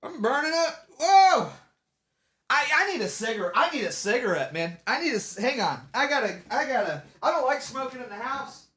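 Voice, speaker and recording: A man talking to his stream audience in a loose, rambling way. He stumbles into restarts and repeats phrases as he goes. His voice swings lively up and down in pitch. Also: brisk, few pauses. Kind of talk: casual livestream commentary.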